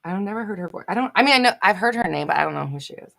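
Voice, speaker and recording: A woman's voice: mid-range voice, expressive, rapid-fire, creaky, fairly bright tone. A woman hosting a live question-and-answer stream, reading out viewer comments and answering them bluntly, with emphatic repetition, swearing and laughing at herself.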